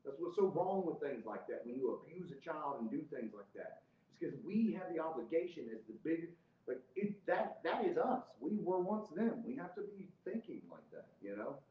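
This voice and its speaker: A man's voice: fairly high pitch, sing-song, moderate pace, a little hiss or hum. A man telling a heated, profane story as a guest in casual podcast chat. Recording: roomy, slightly dull podcast audio.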